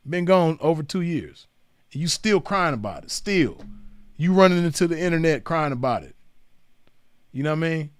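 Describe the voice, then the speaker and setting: Casting: man, fairly high voice, unhurried and mocking, heavy street slang, close dry sound. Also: clean tone, no echo. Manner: laid-back, mocking, repeats "man" and "you know what I mean". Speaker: commentator. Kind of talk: casual mocking monologue to the camera.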